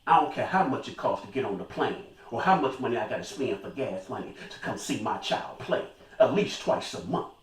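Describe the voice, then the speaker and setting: A man's voice: mid-range voice, expressive, a little fast, hardly any pauses, distant mic. An older man talking to his viewers in a casual monologue, emphatic and repeating his phrases. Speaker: vlogger. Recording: echoey room, voice off mic.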